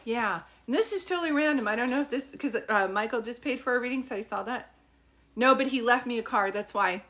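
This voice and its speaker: A woman's voice: a little high, a little fast, a bit bright. A middle-aged woman giving a live-stream psychic reading, talking in a chatty, encouraging way with many fillers and restarts. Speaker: psychic medium.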